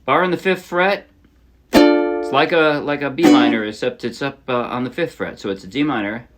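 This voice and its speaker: A man teaching a song on ukulele in a relaxed, casual way, often correcting himself as he explains. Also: mid-range voice, moderate pace, over loud music. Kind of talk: casual instructional talk. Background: his own ukulele playing.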